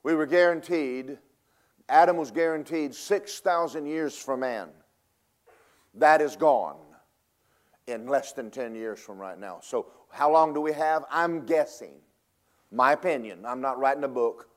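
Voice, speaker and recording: A man preaching a sermon in a folksy, emphatic way, swinging between loud and soft and fast and slow for effect. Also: medium pitch. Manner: folksy, emphatic, varies loudness and pace for effect.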